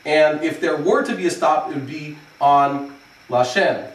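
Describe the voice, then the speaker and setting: A rabbi explaining the cantillation of verses in a relaxed lesson, pausing to chant phrases as examples. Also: male voice, on the high side, recorded from a distance. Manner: explains slowly, then chants phrases to demonstrate. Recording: echoey room, voice from off-mic.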